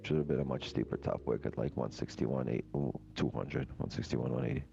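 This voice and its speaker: A man's voice: extremely low pitch, fairly even intonation, a little fast, gravelly, warm tone. A man co-hosting a stream, joking and teasing in casual banter, recorded on a dull lo-fi mic. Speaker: stream co-host.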